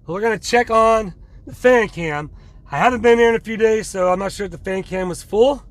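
A man's voice: high voice, a little fast. A middle-aged man vlogging casually to his viewers, rambling and restarting, pumped up on adrenaline. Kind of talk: casual vlog talk to viewers.

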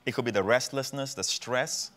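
A man's voice: medium pitch, moderate pace, a bit bright. A man from Singapore, preaching as a guest pastor on a TV talk show and repeating key phrases for emphasis.

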